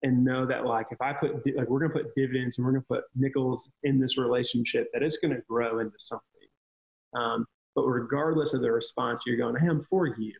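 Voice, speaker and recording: A man's voice: medium pitch, level tone, a little fast, creaky, low-quality recording. A man talking casually on a podcast, telling earnest stories about ministry with frequent restarts. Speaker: ministry leader.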